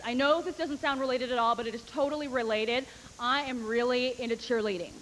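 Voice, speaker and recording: A woman's voice: high-pitched, brisk, a bit bright, big-room sound, slight background noise, poor audio. A woman doing a stand-up comedy routine, telling brash, profane, rambling stories and acting out other people's voices. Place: comedy stage before a live audience.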